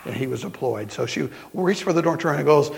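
A middle-aged man with a Southern accent, preaching a sermon as pastor in folksy storytelling style, slowing down for emphasis. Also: fairly high pitch, lively intonation, vocal fry. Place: church sanctuary. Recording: long hall reverb.

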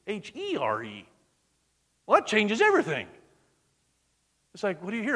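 Preacher, male, bright forceful tone, slightly high, big dynamic swings. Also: normal speed, pauses often. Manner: animated, swings between loud emphasis and hushed near-whispers. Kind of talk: sermon.

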